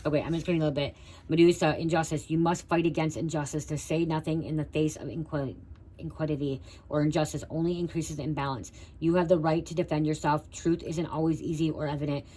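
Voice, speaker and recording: This tarot reader speaks fast in a low, mellow, steady voice, captured on a low-quality recording. Reading cards live, she trips over the guidebook wording and pauses to talk straight to her audience.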